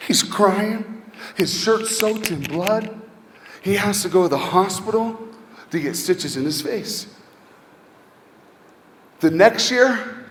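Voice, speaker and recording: A man giving a motivational talk to a school assembly, telling stories dramatically and swinging between loud and hushed. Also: fairly high pitch, a little hiss or hum. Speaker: motivational speaker. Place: large school hall. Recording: echoey hall, faint ambience.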